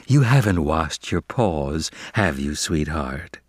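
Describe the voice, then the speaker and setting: A man reading a storybook aloud, voicing a fussy, doting mother cat who speaks softly and coddles. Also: rumbling low, animated, slow, husky, dry recording, clean studio sound, voice pushed down, heavily acted. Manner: soft, coddling.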